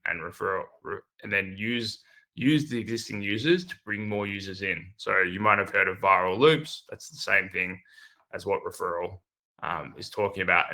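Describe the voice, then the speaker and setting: A man with a low, gravelly voice and a very bright, forceful edge gives a casual conference presentation. He talks loosely, with plenty of fillers and upbeat slang, like a product manager walking developers through his ideas. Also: poor audio.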